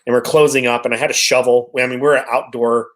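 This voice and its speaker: A podcast guest from Washington State chats casually, laid-back and swearing as he tells rambling stories. His mid-range voice is steady and a bit bright, and he talks fast. The recording quality is low.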